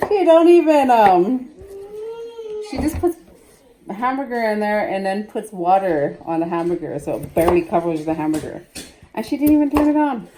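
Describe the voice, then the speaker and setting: A woman chatting casually as she cooks in her home kitchen, laughing often while she tells family stories. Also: mid-range voice. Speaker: home cook filming herself. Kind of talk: casual cooking chat. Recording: noisy kitchen recording.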